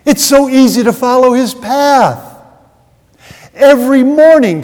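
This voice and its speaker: A man's voice: extremely high pitch, expressive, a little slow, long pauses, darkish tone. A man preaching a sermon as pastor, telling a story and acting out its dialogue. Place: church. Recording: long reverb of a large hall.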